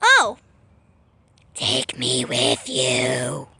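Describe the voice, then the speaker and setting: Brief: woman playing a needy, excitable young sea lion creature, squealing and bright. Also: extremely low pitch, extremely slow, vocal fry, breathy edge, no echo, voice pushed down, full character voice. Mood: pleading. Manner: squealing, pleading, gushing. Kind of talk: homemade toy skit.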